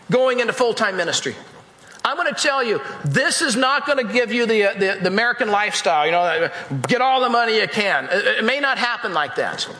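With a very high, bright and forceful voice, a male pastor gives an emphatic sermon, repeating phrases and talking straight to the people in the pews. The church hall is echoey, leaving a long reverb tail.

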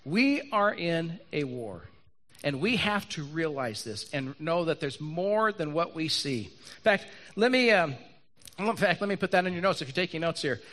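A man preaching a sermon to a room and an online audience, animated, acting out Bible characters and repeating lines for emphasis. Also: a little high, moderate pace. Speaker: pastor. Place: church hall with live audience and online stream.

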